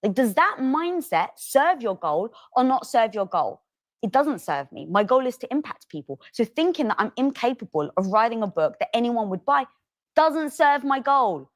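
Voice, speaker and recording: Animated high-voiced woman host. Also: moderate pace, no room sound, clean studio sound. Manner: animated storyteller, emphatic, swears. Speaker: podcast host. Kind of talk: interview conversation.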